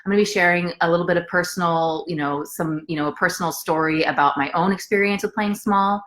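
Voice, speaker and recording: A woman with a fairly low voice leads a live motivational session as a coach. She talks earnestly and circles back to repeat key phrases for emphasis, greeting viewers by name as she goes. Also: fast, a bit bright. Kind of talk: motivational live talk with a personal story.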